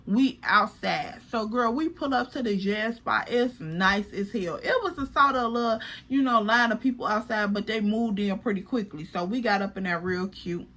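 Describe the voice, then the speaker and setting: Young woman, bright animated storyteller voice, vlog storytime. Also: mid-range voice. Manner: animated, chatty, profane, addresses viewers as girl. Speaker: storytime vlogger. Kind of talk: casual storytelling.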